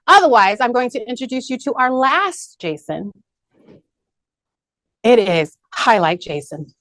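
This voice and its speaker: A woman leads a managers' meeting with upbeat, coaching energy, driving home each point by repeating it. Her voice sits a little high and sounds dry and close. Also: sing-song, unhurried, fairly bright tone, no room sound. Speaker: marketing presenter at a company meeting. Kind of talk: upbeat training presentation.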